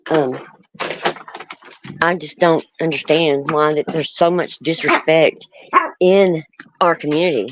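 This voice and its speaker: A livestream host in casual talk, speaking earnestly and firmly about setting boundaries, halting often with ums and restarts. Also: medium pitch, fairly even intonation, noisy background. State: nervous. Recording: dull lo-fi stream audio.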